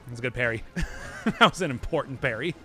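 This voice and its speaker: A man's voice: mid-range voice, expressive, fast talker, sharp tone, faint music behind. A young man streaming a video game live, giving rambling, chatty commentary and laughing often.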